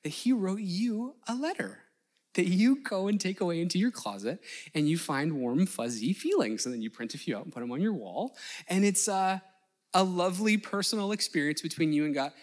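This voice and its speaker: Lively, animated male preacher. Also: high-pitched, fairly quick. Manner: animated, conversational, acts out quoted voices. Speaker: pastor. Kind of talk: sermon.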